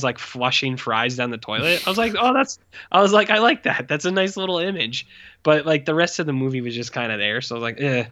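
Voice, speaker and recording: Bright-voiced man rambling about movies. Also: mid-range voice, no echo, muffled recording. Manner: rambling, filler-heavy, acts out quoted lines. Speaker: podcast co-host. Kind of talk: casual movie review chat.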